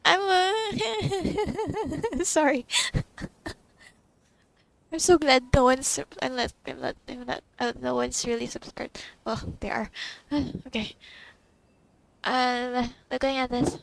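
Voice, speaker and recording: A woman's voice: on the high side, steady tone, unhurried, gravelly, no echo, rough recording. A young woman, reacting to a game in a giddy, emotional way, stammering and laughing. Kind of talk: casual live reaction.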